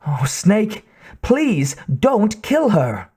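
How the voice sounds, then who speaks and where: A man voicing a nervous young male scientist who pleads in a high, breathless voice. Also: wildly swooping pitch, drawn-out words, warm tone, slightly rough, heavily acted. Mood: pleading.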